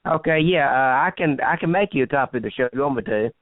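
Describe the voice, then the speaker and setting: A man's voice: medium pitch, expressive, fast talker, no room sound. A man hosting a podcast interview, hesitant, with many fillers. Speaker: podcast host. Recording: dry phone-line audio.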